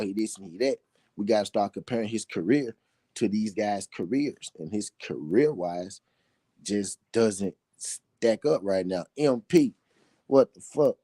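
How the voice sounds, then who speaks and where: Man, low voice, dark mellow tone, dry close mic, casual profane boxing chat, keeps saying "right?". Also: measured pace, no room sound. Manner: informal, profane, repeats "you know what I mean" and "right"; reads and answers chat comments. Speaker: boxing talk show host. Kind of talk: casual live-stream commentary.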